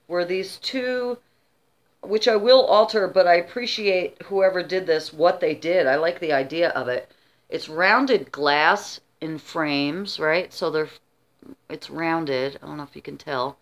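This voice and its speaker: A woman's voice: fairly low pitch, fairly bright tone. A middle-aged woman vlogger chatting casually while showing her auction finds, rambling with many asides. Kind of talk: casual show-and-tell chat.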